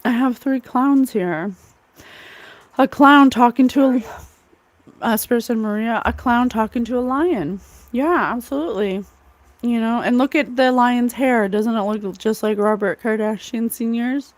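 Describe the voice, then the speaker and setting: A woman's voice: on the high side, measured pace, no room sound. Rambling woman doing a tarot reading. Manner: rambling, many fillers and asides. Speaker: psychic reader. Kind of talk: casual spoken tarot reading.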